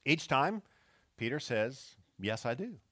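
A man's voice: mid-range voice, big pitch swings, slow pace, sharp tone, dry recording, studio quality. A man preaching a sermon who tells a story and acts out its quotes, with his intensity rising and falling. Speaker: pastor.

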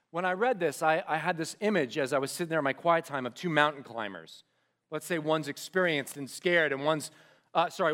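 A man preaching to a group of students, reading scripture aloud and talking to them directly with animated, shifting delivery that drops to quiet emphasis. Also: sits high. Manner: asks the audience questions directly. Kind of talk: sermon.

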